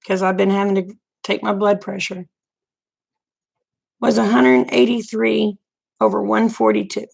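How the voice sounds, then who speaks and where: A woman's voice: medium pitch, flat delivery, unhurried, vocal fry, a little mellow, husky. A middle-aged woman, chatting frankly and folksily to her viewers, laughing often. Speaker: vlogger. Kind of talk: casual livestream chat.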